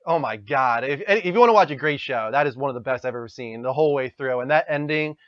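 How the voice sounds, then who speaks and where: A man's voice: mid-range voice, quick pace, no room sound. A man hosting a casual gaming podcast, talking enthusiastically and thanking followers. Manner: enthusiastic, wraps up and reads out thanks. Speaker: podcast host. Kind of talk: casual chat. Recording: dull lo-fi dry sound.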